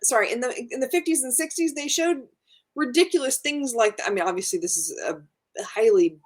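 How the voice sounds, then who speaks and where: A woman chats on a movie podcast, halting and circling with fillers. Her voice sits fairly high. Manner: chatty, halting, full of fillers. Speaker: podcast co-host. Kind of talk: casual movie podcast chat.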